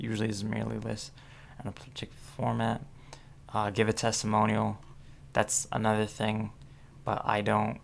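A young man with a heavily gravelly, fried voice and a flat, low delivery. He reads aloud and skims, muttering asides between lines. He sounds sleepy and worn out, with a faint hiss of background noise. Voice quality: gravelly fry. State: sleepy, yawning. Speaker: solo vlogger reading about link building. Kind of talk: casual read-aloud commentary.

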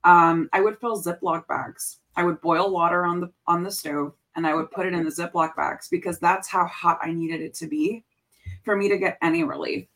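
A woman's voice: on the low side, moderate pace. Woman in her thirties telling her story. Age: 30s. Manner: candid, animated storytelling with frequent fillers and Spanish phrases. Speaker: podcast guest. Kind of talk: casual conversation.

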